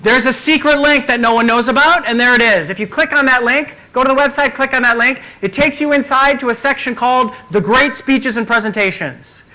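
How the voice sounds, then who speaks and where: A man giving a conference keynote as a communication coach, talking in an energetic, emphatic way. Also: very high voice, a little fast, hardly any pauses, low-quality recording.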